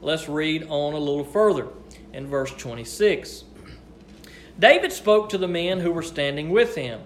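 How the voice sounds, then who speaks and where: A man leading a Bible study, reading verses and explaining them in a conversational, expressive way. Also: a little high, a little slow. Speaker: Bible teacher. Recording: echoey room, faint noise.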